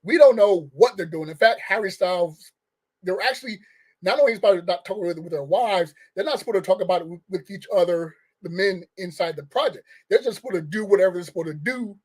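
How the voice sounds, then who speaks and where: A man's voice: high-pitched, quick pace, darkish tone, breathy edge. A man giving a casual, rambling movie review rant, firing off questions with restarts and short laughs. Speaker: film reviewer.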